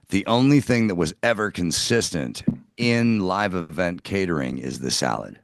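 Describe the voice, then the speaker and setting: A laid-back man with a very low voice, telling joking stories on a casual podcast. The sound is close and dry, with no room echo. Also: vocal fry. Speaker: podcast co-host. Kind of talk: casual chat.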